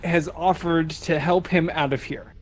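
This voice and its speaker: A man's voice: a little high, steady tone, measured pace. Casual male game master. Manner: casual, questioning players. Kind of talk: narrating a tabletop game.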